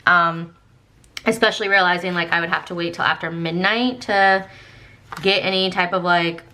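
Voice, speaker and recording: A woman's voice: lowish voice, fairly even intonation, normal speed, bright, forceful tone, slight background noise. A woman vlogger with a Southern American accent, telling a long story in casual, chatty talk full of fillers, acting out what others said. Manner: chatty, many fillers, quotes others in dialogue. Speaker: planner vlogger. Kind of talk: casual storytelling while planning.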